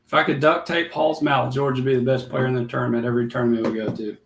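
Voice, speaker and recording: A man's voice: medium pitch, steady tone, fast, vocal fry, noisy background. A man, a youth baseball manager chatting casually and joking easily. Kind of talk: casual chat. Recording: roomy echo.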